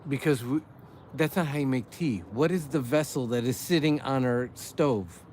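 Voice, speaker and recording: A man, a father and stream host, talks to viewers around a backyard fire after dark, joking, laughing and reading out the chat. His medium-pitched voice moves at a normal speed with a darkish tone and faint hiss or hum.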